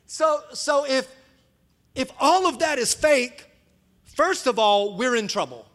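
High, bright-voiced storytelling pastor. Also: male voice, slow pace. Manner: animated, acts out quotes with shouts and laughter. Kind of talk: storytelling sermon. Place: church sanctuary. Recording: long church hall reverb.

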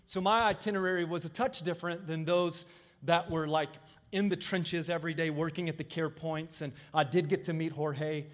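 A man preaching a lively sermon as pastor, calling out to the congregation for responses. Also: fairly high pitch, moderate pace. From Florida. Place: church sanctuary.

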